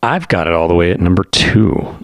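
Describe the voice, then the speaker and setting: A man chatting casually as a podcast panelist, enthusiastic and halting, with many fillers and restarts. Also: sits low, expressive, no room sound. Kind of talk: casual chat.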